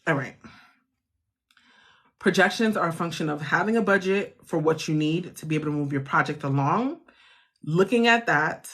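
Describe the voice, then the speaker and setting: A woman's voice: low-pitched, moderate pace, long pauses, fairly bright tone, husky. A woman hosts a live funding chat. She speaks casually and reassuringly, laughing easily and often restarting her sentences mid-thought. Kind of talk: casual live-stream talk to viewers.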